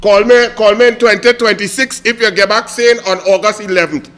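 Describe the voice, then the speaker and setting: A man's voice: high-pitched, fairly even intonation, brisk, fairly bright tone, a little hiss or hum. A man with a Trinidadian accent giving mocking political commentary, taunting and theatrical. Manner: taunting, theatrical, repeatedly needling.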